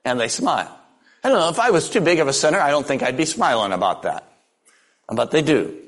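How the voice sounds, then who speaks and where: A man's voice: fairly high pitch, sing-song, normal speed. Folksy older man preaching a sermon. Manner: folksy storytelling with dry humor. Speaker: pastor.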